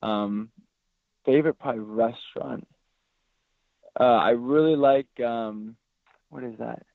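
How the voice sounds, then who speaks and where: A man's voice worn hoarse and raspy from yelling, relaxed and rambling. He is heard over a thin, phone-like line with a dry, close sound. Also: medium pitch, unhurried, no echo. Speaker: goalkeeper guest. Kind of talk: casual interview.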